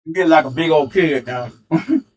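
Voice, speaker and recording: A man's voice: fairly high pitch, normal speed, distant mic. A man hosting a livestream who talks in a taunting, confrontational way and repeats his jabs, speaking into a headset mic. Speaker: livestream host. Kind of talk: heated livestream rant.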